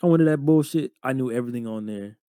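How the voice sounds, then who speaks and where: A young man in his twenties, co-hosting a podcast, telling job stories in a casual, profane, animated way full of slang. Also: medium pitch, fast talker, clean tone, no room sound. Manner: slangy, profane, animated retelling with lots of "bro". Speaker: podcast co-host. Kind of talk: casual storytelling chat.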